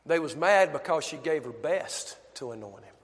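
A man's voice: on the high side, lively intonation, normal speed. A male pastor preaching a sermon emphatically, asking his congregation questions, heard with long reverb in a church.

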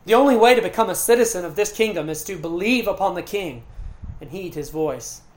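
A man preaching a sermon as pastor, earnest and emphatic, leaning on repetition and pauses. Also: high voice, expressive, reverberant.

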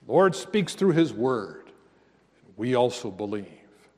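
A man preaching a sermon as pastor, slow and earnest, rising to emphatic declarations. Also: medium pitch, sing-song, darkish tone, breathy edge, long reverb tail.

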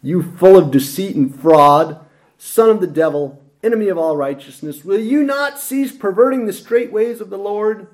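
A man's voice: a little high, big pitch swings, takes it slowly, long pauses, warm tone, exaggerated voice. A man voicing a fiery male apostle who sternly denounces a foe in a sermon. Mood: denouncing. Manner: stern, accusing.

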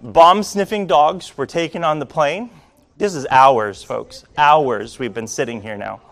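A man from Rhode Island telling a personal story to an audience in a wry, self-deprecating, lively way. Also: on the high side, a little slow. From Rhode Island, USA.

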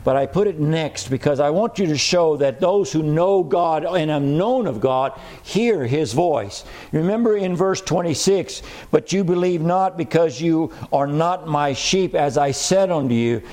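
Mellow-voiced man preaching a sermon. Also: on the high side. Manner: emphatic, repeats key phrases, slows on scripture.

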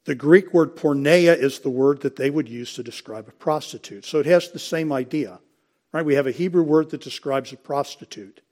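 A man preaches a sermon, explaining scripture and citing verses, addressing the congregation as "folks" and clearing his throat now and then. His voice sits fairly high, a little mellow, at a normal pace.

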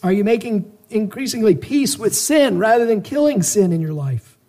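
A man's voice: sits high, lively intonation, normal speed, warm tone. A man preaching a sermon, pressing his listeners with a string of searching rhetorical questions and earnest exhortations.

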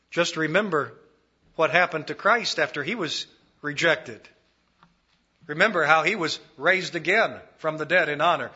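Male preacher, husky edge, repetitive emphatic delivery, dull lo-fi recording. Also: a little high, sharp tone. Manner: emphatic, repeats phrases for stress. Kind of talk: expository sermon.

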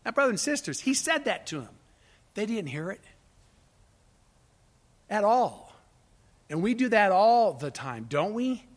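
A man preaching a sermon with passion, swinging from quiet, low asides to loud, pleading cries. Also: sing-song, a little slow, pauses often. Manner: impassioned, rising to near shouts on quoted cries. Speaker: pastor.

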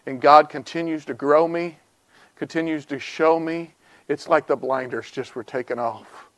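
A middle-aged man preaching a revival sermon, moving from hushed storytelling to fervent, near-shouted pleas. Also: on the high side, steady tone, normal speed, no echo.

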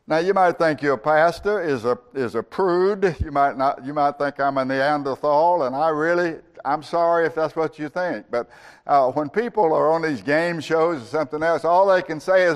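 A man's voice: fairly high pitch, moderate pace. A man preaching a sermon as a pastor, reciting scripture and speaking God's words in the first person.

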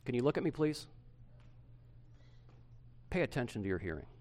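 A middle-aged male pastor preaching a sermon to his church, swinging from loud emphasis to hushed softness. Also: mid-range voice, big pitch swings, normal speed.

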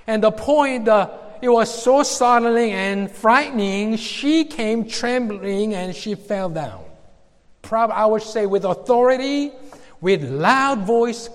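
Slow, high-voiced preacher in a reverberant hall. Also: male voice. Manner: slow and emphatic, with dramatic pauses. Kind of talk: sermon.

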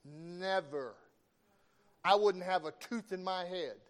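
A middle-aged man preaching in a fairly high voice. He tells homespun stories at an easy pace and often pauses to ask for an amen. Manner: folksy, calls for amens. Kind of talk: sermon with folksy storytelling.

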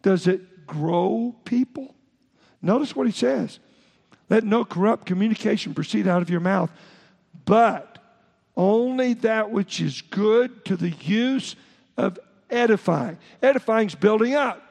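A man's voice: high voice, lively intonation, a little slow, vocal fry, a little mellow. A man preaching a sermon as pastor, speaking in short emphatic phrases and often restarting mid-sentence. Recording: long hall reverb.

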